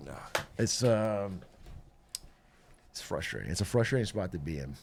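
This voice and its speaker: A man's voice: low voice, normal speed, vocal fry, pauses often, husky. A man streaming live, chatting casually with viewers in jokey, profane rants. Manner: swearing, animated, jokey rants. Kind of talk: casual livestream chat.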